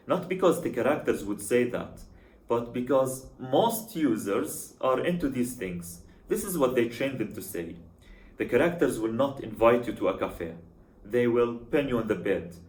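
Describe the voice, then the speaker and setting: A man's voice: medium pitch, expressive, unhurried, a little mellow. A man giving scripted voice-over commentary in a wry, sarcastic manner. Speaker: YouTube commentator. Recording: echoey room.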